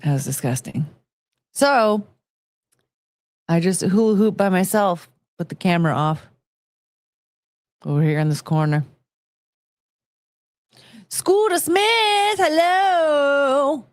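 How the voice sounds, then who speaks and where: A woman's voice: on the low side, unhurried, pauses often, a little mellow, no echo. A woman live streamer chatting casually and rambling, often poking fun at herself and greeting her chat. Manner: rambling, self-mocking, greets chat in a sing-song lift.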